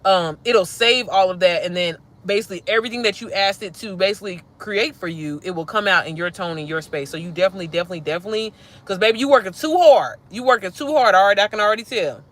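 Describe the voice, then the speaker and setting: A woman hosting a casual livestream, animated and slangy, talking straight to her viewers. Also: mid-range voice, quick pace. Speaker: livestream host.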